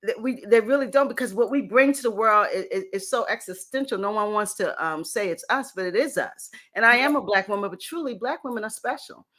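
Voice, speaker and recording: A woman's voice: medium pitch, a little fast, hardly any pauses, a bit bright. A woman hosting a casual interview, affirming her guest and reading listener comments aloud. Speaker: radio show host.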